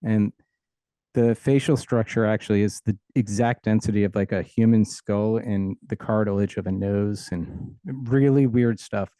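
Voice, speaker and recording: A man's voice: fairly low pitch, normal speed, warm tone, no echo. A middle-aged man, an audio engineer and educator, explaining technical ideas plainly and with humor as an interview guest on a video call.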